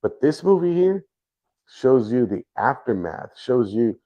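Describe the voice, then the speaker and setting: A middle-aged man hosting a livestream, talking in a rambling, halting way with many restarts. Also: medium pitch, big pitch swings. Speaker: livestream host. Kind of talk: casual livestream chat. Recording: dull lo-fi stream audio.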